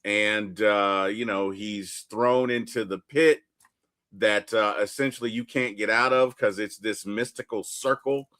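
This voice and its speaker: A man hosting a casual movie recap, retelling scenes in an animated way and acting them out. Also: lowish voice, a little slow, no echo, clean studio sound. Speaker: podcast host.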